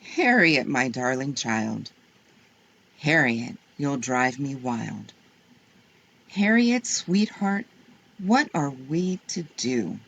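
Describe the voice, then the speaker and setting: A woman's voice: low voice, very animated, takes it slowly, creaky, husky, highs cut off, heavily acted. A woman doing a patient, exasperated mother. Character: patient mother trying not to yell.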